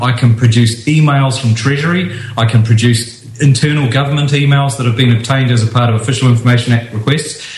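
Brief: insistent New male radio guest, mid-pitched, echoey office. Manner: insistent, emphatic, many restarts. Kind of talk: talk radio interview.

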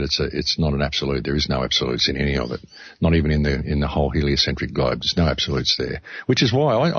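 A radio announcer talks earnestly in a casual discussion, rambling and frequently restarting his sentences. His voice is a rumbling low with a breathy edge, captured in a dull, lo-fi recording that is dry with no room sound.

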